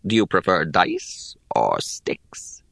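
A man's voice: deep voice, huge pitch swings, slow, vocal fry, fairly bright tone, dry recording, studio quality, heavily acted. A man voicing a sly, drawling ancient hag. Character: ancient bald female hag, careless gambler.

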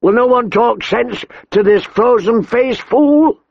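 A man voicing a hot-tempered, blustering middle-aged king in an audiobook, loud and bellowing. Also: slow, vocal fry, no room sound, highs cut off, exaggerated voice. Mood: exasperated. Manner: loud, bellowing, high-pitched outbursts. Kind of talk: audiobook character voice.

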